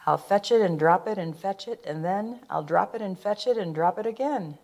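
A woman voicing an eager, excited male dog in a bouncy storybook read. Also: mid-range voice, normal speed, natural voice.

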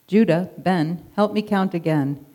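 Reader as a tired, caring shepherd in a children's storybook; calm, steady and fatherly. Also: mid-range voice, unhurried, natural voice. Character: kind, weary shepherd and father.

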